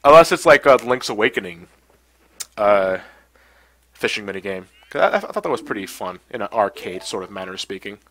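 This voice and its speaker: Stream host, male, congested from a cold, lively bright delivery, chatty, faint music behind. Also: on the low side, brisk, rough recording. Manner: chatty, laughs often, reads chat aloud. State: stuffy from a cold. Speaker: livestream host. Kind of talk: casual gameplay commentary.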